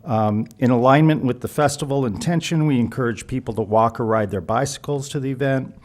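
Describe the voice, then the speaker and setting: Mid-pitched guy reading out an event announcement at a council podium, formal, lots of uhs. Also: brisk. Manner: formal, steady, with frequent filler sounds. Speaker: community event organizer giving public comment. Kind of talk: prepared announcement at a council meeting. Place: city council chamber.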